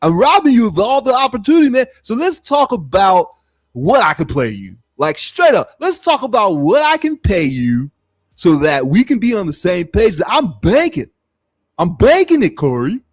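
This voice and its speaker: A man doing a high, nasal impression of a gloating rich male podcaster. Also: very animated, normal speed, dry recording.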